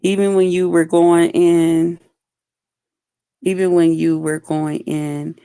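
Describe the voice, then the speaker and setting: Animated woman in a dry close recording. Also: on the low side, takes it slowly, smooth, no room sound. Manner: animated storytelling, acts out quotes loudly, laughs often. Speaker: vlogger. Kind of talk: casual chat to viewers.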